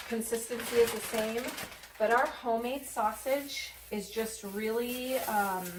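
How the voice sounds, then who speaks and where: Working in her kitchen for a home cooking vlog, this woman rambles chattily and fills her talk with ums. Her voice leans high. She's far from the mic in an echoey room, with background noise audible.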